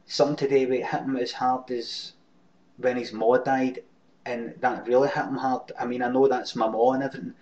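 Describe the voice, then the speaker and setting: A man's voice: medium pitch, level tone, normal speed, a little mellow. A man with a Glaswegian Scottish accent telling a rambling, sweary story to his webcam audience and answering viewer comments. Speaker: webcam show host. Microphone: webcam mic. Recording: lo-fi webcam recording.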